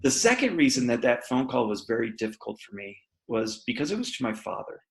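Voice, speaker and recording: Podcast guest, man in his forties, candid storyteller, gravelly, average pitch. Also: sing-song, brisk, poor audio. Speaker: guest entrepreneur.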